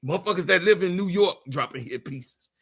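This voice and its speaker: A man in his fifties with a gravelly edge and a bright, forceful tone hosts a livestream. He rants hard and swears a lot, repeating his lines and pushing up into shouts. His voice sits a little high for a man. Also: lively intonation, a little fast. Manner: profane, repetitive, raises voice into shouts. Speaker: sports channel host. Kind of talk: heated livestream rant.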